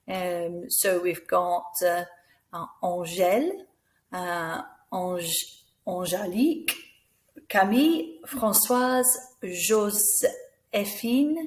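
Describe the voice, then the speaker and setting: A middle-aged woman teaches language in a patient, encouraging way, spelling out sounds carefully. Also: on the low side. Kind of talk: slow, clear classroom instruction.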